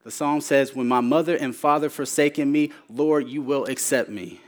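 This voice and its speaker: A man's voice: mid-range voice, moderate pace. Man preaching his testimony, repeating lines. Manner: repeats phrases for emphasis, swings between raised urgent lines and hushed ones. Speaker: speaker sharing his testimony.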